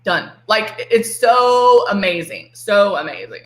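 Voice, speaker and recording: A woman hosts a live makeup demo from home. She is chatty and giggly and greets viewers by name. Her voice is bright and ringing, and the room gives it a noticeable echo. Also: medium pitch, animated, measured pace. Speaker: livestream makeup presenter. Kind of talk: casual live demo chat.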